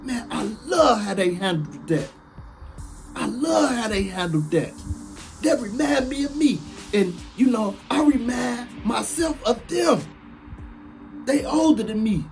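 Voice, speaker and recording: Guy ranting to his stream, high voice, drawls everything out slow, faint music under it. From Chicago, USA. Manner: emphatic, preachy, sounds like shouting even when calm. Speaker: online commentator. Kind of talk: casual live-stream monologue.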